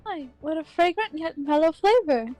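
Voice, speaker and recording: A woman's voice: very high voice, expressive, warm tone, faint music behind, pitched above the performer's own voice, poor audio. A woman reading game dialogue aloud, voicing a polite, formal young female legal assistant. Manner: formal, courteous and measured.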